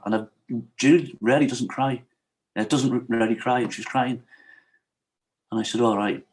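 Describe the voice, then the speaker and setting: A middle-aged man speaks as a podcast guest, his voice sitting at an ordinary mid pitch. He talks frankly and with emotion, acting out what other people said to him and often checking in with his listener. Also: fairly even intonation, moderate pace, long pauses. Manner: often asks "you know what I mean?". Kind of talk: candid personal storytelling in an interview.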